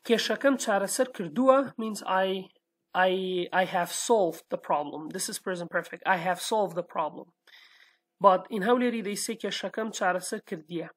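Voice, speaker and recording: Kurdish-accented woman, native Kurdish speaker, mid-pitched teacher voice, patient and step-by-step, keeps checking in with the learner. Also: measured pace. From Iraqi Kurdistan, Sulaymaniyah. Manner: patient, explains step by step, often checks with "okay?". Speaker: language teacher. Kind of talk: online language lesson.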